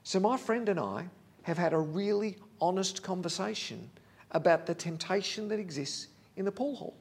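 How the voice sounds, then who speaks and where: A man's voice: high-pitched, normal speed, vocal fry, husky. A man preaching a sermon, earnest and candid, talking plainly to the congregation with fillers.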